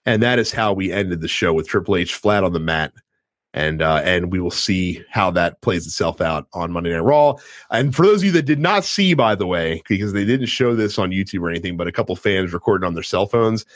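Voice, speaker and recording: A man casually recapping a wrestling show with a friend, telling it with animated energy and acting out the wrestlers' lines. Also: sits low, brisk, no room sound, clean studio sound. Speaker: podcast co-host.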